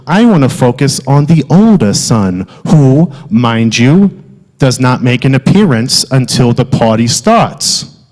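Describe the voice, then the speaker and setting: A man playing a loud, wisecracking South Philly alter ego with a thick Philadelphia accent, delivering a comic sermon. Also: on the high side. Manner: exaggerated, wisecracking, loud street-corner banter. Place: theatre stage. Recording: long hall reverb.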